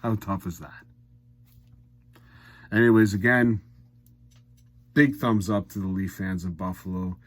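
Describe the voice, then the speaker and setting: A man giving a blunt, exasperated hockey recap rant, swinging from muttered asides to loud outbursts. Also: low voice, steady tone, a little slow, long pauses, dry recording. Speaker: sports commentary vlogger.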